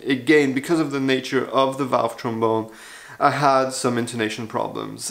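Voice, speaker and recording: A man talking through a casual video review as a trombone player, chatty, frank and self-deprecating. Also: medium pitch.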